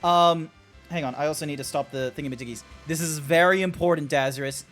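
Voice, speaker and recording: A young man streaming a game, chatting casually and jokily, often breaking into excited shouts. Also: on the high side. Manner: excitable, jokey, quick bursts of shouting. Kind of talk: casual livestream chat. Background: faint background music.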